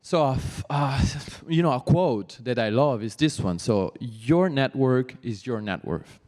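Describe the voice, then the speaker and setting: A young man with an Italian accent speaks at mid pitch in an earnest, deliberate way, his English slightly halting. The long reverb of a large hall trails his words. He addresses an audience as a guest coach. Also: animated, darkish tone. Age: young adult. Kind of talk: motivational talk to an audience.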